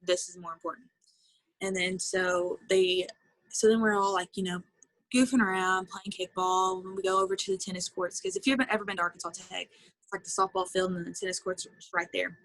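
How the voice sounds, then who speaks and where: A woman's voice: medium pitch, steady tone, fairly quick, a bit bright, no echo, low-quality recording. A young woman in her twenties, an interview guest, chatting casually and emotionally about her college years with lots of filler words. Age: 20s. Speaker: interview guest, former college softball player.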